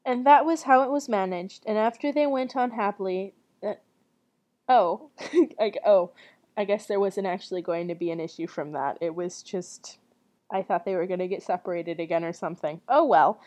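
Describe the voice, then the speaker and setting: A woman's voice: medium pitch, normal speed. A woman reading a fairy tale aloud in a casual, giggly way, often breaking off to comment. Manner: animated, giggly, self-interrupting. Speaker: storyteller. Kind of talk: casual read-aloud with chatty asides.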